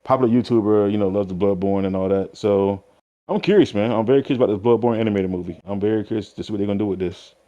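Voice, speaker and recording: A man with a low, dark, mellow voice chats through movie news in an easygoing manner. The sound is a bit dull and lo-fi. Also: rapid-fire. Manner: relaxed, laid-back, agreeable. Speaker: podcast co-host. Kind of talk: casual podcast chat.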